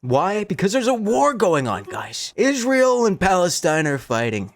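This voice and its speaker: A man's voice: high voice, huge pitch swings, a little slow, few pauses, faint music behind. Profane, ranting male YouTube commentator. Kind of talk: commentary video.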